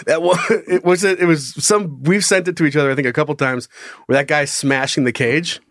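A man's voice: on the high side, a little fast, a bit bright, no room sound, clean studio sound. A man co-hosting a crude comedy podcast, laughing often and breaking into silly voices. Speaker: podcast co-host. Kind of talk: casual comedic chat.

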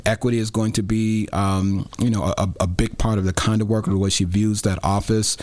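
A man with a fairly low voice, a guest on a talk show. He speaks in a thoughtful, measured way. The recording is dry and close. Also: flat delivery, darkish tone, no echo. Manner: thoughtful, measured, many fillers and restarts. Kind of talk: casual political chat.

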